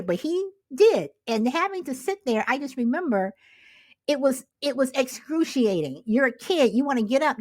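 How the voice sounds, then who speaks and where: A middle-aged woman co-hosting a casual talk show, telling stories in an animated, exasperated way with rhetorical questions. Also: on the high side, no room sound. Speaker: podcast co-host. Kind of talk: casual chat.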